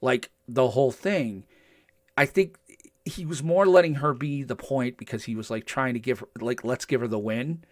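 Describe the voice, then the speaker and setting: An older man hosting a podcast, recapping episodes in casual chat and acting out quotes with animated energy. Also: mid-range voice, moderate pace. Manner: animated storytelling, acts out quotes. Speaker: podcast host.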